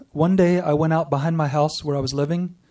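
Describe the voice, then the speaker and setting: A man giving an earnest personal testimony to a group, telling his story with pauses and restarts. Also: on the high side, fairly even intonation, darkish tone, far from the mic. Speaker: speaker sharing a personal spiritual story.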